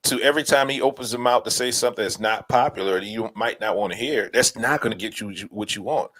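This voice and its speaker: A man's voice: on the low side, quick pace, poor audio. Man with a New Orleans accent chatting. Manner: animated, repeats himself, plays out bits in voices. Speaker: podcast co-host. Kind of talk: casual podcast chat.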